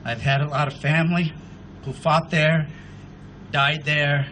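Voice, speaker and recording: A man in his fifties with a fairly high voice gives a speech at a memorial. He sounds humble, a little nervous and emotional, with faint noise behind him. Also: flat delivery, measured pace, pushed and bright, low-quality recording. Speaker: veteran guest speaker. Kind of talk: ceremony speech. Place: outdoor memorial ceremony.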